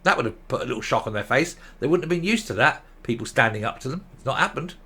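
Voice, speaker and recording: Bright-voiced, blunt, sarcastic male commentator. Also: mid-range voice, expressive, fast, husky. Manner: reads quotes aloud then rebuts them. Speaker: political commentator. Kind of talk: opinionated solo commentary reading news.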